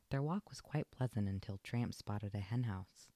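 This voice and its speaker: A man narrating a children's storybook aloud in an expressive, lilting read. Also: on the low side, normal speed, dry recording.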